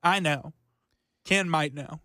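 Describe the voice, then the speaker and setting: A man co-hosting a talk radio show, teasing and matter-of-fact as he trades quick remarks. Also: fairly high pitch, bright, forceful tone, no room sound, studio quality. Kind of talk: casual studio banter.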